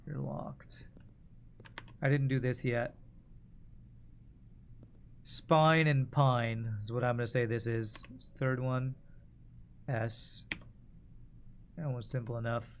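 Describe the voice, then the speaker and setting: A man streams a puzzle game, muttering and thinking aloud to himself and his chat in casual gameplay commentary. His voice is mid-range, and a little hiss or hum can be heard.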